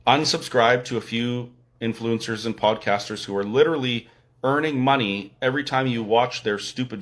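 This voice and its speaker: A man's voice: medium pitch, a bit bright. A man from Alberta with a Canadian accent, hosting a casual livestream from a hotel room and speaking in an opinionated, sarcastic, emphatic way. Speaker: livestream host.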